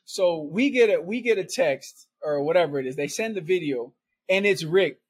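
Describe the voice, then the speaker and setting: Here a middle-aged man, a podcast guest, recounts a long, rambling story in casual talk, punctuating it with laughs and the words "right?" and "man." He speaks at normal speed in a fairly high, animated voice with a breathy edge.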